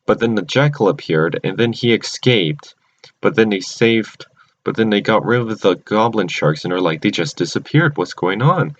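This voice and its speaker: A man's voice: on the low side, animated, moderate pace. A man casually recapping cartoon episodes, rambling and often restarting or correcting himself mid-sentence. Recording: dull lo-fi recording.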